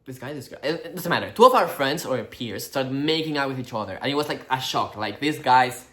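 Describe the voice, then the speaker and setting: A man's voice: medium pitch, a little fast. A young man in his twenties with a slight non-native accent, casually telling a story and acting out the quotes with laughter. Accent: non-native English accent. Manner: animated, acts out quotes with laughs. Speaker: host. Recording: roomy echo.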